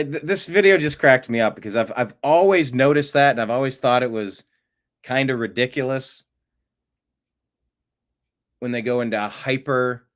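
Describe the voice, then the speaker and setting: A man's voice: mid-range voice, fairly bright tone. Rambling, amused male show host. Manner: rambling, amused, frequent restarts. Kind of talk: casual news commentary.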